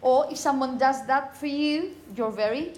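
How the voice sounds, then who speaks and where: A woman's voice: high-pitched, moderate pace, a little mellow. A woman teaching phonetics in a classroom, enthusiastic and drilling words by repeating them. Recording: echoey room with background noise.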